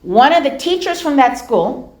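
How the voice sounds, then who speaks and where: A middle-aged woman giving a storytelling lecture, animated and acting out the dialogue of her anecdotes. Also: sits high, moderate pace. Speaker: speaker giving a talk on dawah. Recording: echoey room.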